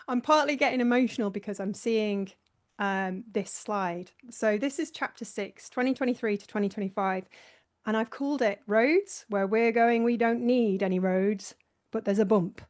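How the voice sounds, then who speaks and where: A woman speaking at a normal pace, her medium-pitched voice a little mellow, hosts a live online session built around a slideshow. She chats her way through the slides, teases herself, and laughs frequently.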